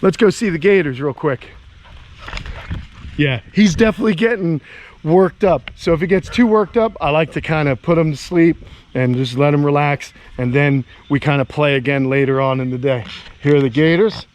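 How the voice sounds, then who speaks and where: A man's voice: a little high, normal speed, a little mellow. An enthusiastic man chatting casually in an outdoor vlog while walking around his animal camp. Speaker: animal keeper and vlogger.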